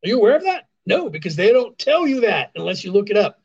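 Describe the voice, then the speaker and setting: Male livestream host, high-pitched, sarcastic ranting delivery that hammers points home; dull lo-fi phone audio. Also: big pitch swings, a little fast, slightly rough. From California, US. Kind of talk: casual ranting commentary.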